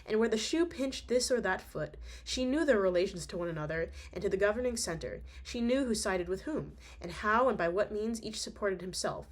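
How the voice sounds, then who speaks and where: A woman's voice: mid-range voice, expressive, a little fast, few pauses. A young woman reading a classic novel aloud, breaking off for slangy, chatty asides. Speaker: audiobook reader.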